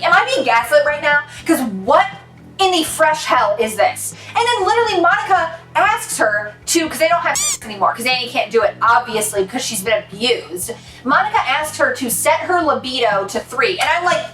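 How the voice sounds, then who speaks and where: A woman's voice: sits high, fairly bright tone. A young woman giving a ranting book review, exasperated and sarcastic, swearing and mocking the characters. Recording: echoey, distant mic, faint music behind.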